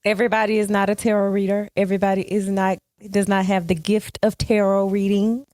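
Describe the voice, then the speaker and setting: A woman's voice: mid-range voice, flat delivery, a little mellow, no echo. Frank woman podcast co-host. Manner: frank, preachy, quick to call out. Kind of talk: casual podcast chat.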